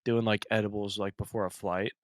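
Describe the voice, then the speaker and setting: A young man co-hosting a casual podcast, talking in a relaxed, rambling way full of "like" and swearing. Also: on the low side, a little fast, dry recording, clean studio sound. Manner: laid-back, full of "like" and swearing. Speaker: podcast co-host. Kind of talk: casual chat. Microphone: remote podcast mic.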